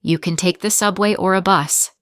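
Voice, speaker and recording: A woman's voice: fairly low pitch, steady tone, moderate pace, no room sound, clean studio sound, close to an everyday voice. A woman voicing a friendly hotel front desk worker who gives plain, helpful directions in a storybook reading for learners.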